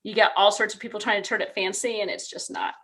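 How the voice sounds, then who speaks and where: A woman's voice: medium pitch, steady tone, fast talker, pushed and bright. A woman in her thirties from California, chatting as a podcast guest about her teaching career, upbeat and full of "like". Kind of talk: casual interview conversation.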